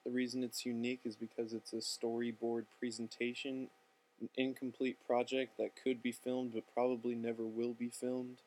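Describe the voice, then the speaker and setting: A young man casually telling a storyboard film scene by scene in slangy talk, jumping into loud, high-pitched voices for the characters. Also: monotone, normal speed. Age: young adult. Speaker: student filmmaker narrating a storyboard. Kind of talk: casual storytelling with acted-out dialogue.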